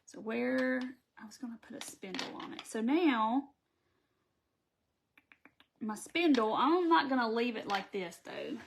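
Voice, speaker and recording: A woman from the American South with a Southern accent, talking through a craft project on a live stream. Her voice sits a little high, and she keeps up a friendly stream of chat, reading viewer comments aloud as she goes. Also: expressive, unhurried, creaky, pauses often, a little hiss or hum. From Southern United States. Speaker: craft tutorial host.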